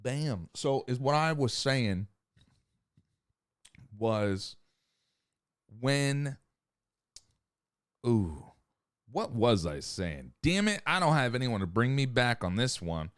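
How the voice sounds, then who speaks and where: A man's voice: medium pitch, very animated, slow, long pauses, no room sound, clean studio sound. A man hosting a podcast in a casual, profane, rambling rant who sometimes loses his thread. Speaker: podcast host.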